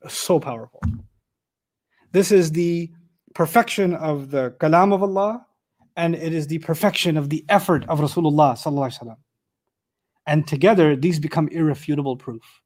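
High-voiced man teaching Quran commentary. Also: fairly quick. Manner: animated, conversational, rises sharply when making a point. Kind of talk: lively Quran commentary lesson.

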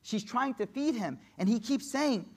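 A male preacher telling a story in a sermon, moving from impassioned, raised passages to hushed, tender ones. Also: very high voice, lively intonation, normal speed. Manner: emotive, swings between impassioned and hushed.

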